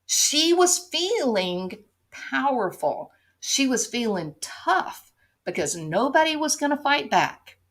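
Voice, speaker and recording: A woman commentator with a fairly high voice that rises and falls a lot as she talks. She takes her time, leaning into sarcasm and tossing out pointed rhetorical questions. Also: sing-song, takes it slowly, fairly bright tone. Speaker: commentary show host. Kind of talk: opinion commentary to camera.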